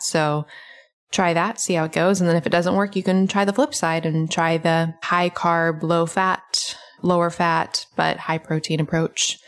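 Deep-voiced woman podcast host explaining. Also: gravelly. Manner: explanatory, lays out advice step by step. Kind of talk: casual podcast chat.

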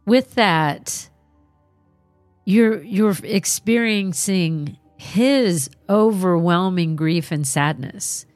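A woman's voice: fairly low pitch, very slow, a little mellow, no echo, faint music behind. A woman co-hosting a ghost story show, reflecting sympathetically on a guest's story. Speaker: co-host. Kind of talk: casual chat.

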